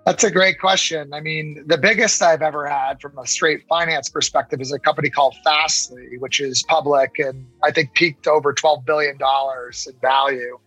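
A man with a bright, forceful and slightly husky voice talks in a lively interview. He moves fast, acting out quoted voices along the way. His voice sounds dry and close, with faint music behind it. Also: on the high side, no room sound, low-quality recording. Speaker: investor and podcast guest. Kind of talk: casual interview talk.

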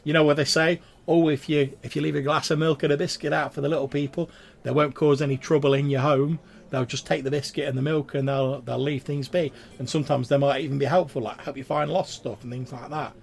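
A man's voice: fairly high pitch, little pitch movement, a little fast, gravelly, pitched above the performer's own voice. A man voicing a chatty young serving lad who confides local superstitions to a guest.

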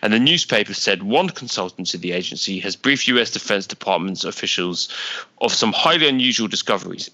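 A man with a British accent co-hosting a political podcast, animated and teasing, who laughs often. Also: lowish voice, rough recording. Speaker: podcast co-host. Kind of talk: casual political chat.

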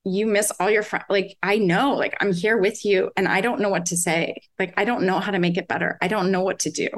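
A woman's voice: mid-range voice, steady tone, fairly quick. A woman in her forties, a mother talking earnestly in casual conversation, rambling with restarts and many fillers. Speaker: podcast guest, mother.

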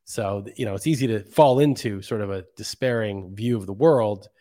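A man's voice: lowish voice, normal speed, mellow. A man hosting a casual solo podcast, congested from a cold, rambling reflectively with fillers and restarts. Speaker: podcast host.

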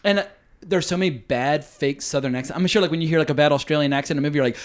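A man's voice: a little high, rapid-fire. A man hosting a podcast, chatting casually with an enthusiastic, profane manner. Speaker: podcast host.

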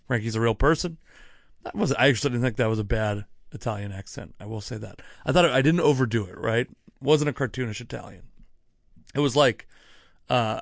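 A man's voice: medium pitch, no echo. A young man talks straight into a close mic in a dry, dead room, winding through a story in casual podcast chat. He swears freely and keeps breaking off to chase side thoughts before he comes back to the point. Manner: rambling, profane, self-interrupting anecdotes. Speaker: podcast host.

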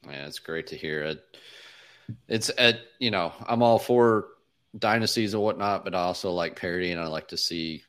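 A man hosting a football podcast, thinking aloud in a measured, hedging way. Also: deep voice, fairly bright tone, clean tone. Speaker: podcast host. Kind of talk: casual podcast chat.

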